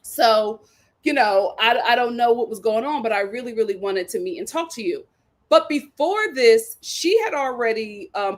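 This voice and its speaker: A young woman, retelling a reality show episode as host in casual, sassy commentary. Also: fairly high pitch. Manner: animated storytelling with sassy asides.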